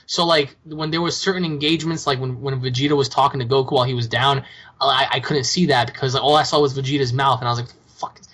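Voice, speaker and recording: A young man talking on a podcast over an online call, swearing freely and scoffing at what he hears. He is blunt and animated in his disbelief. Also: mid-range voice, fast talker. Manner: profane, incredulous, blunt. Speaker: podcast co-host. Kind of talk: casual podcast chat.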